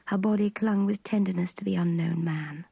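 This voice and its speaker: Older woman, audiobook narration, hushed, measured, dark mellow tone, dry studio. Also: fairly low pitch, steady tone, vocal fry, breathy edge, dry recording, low-quality recording. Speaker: reader.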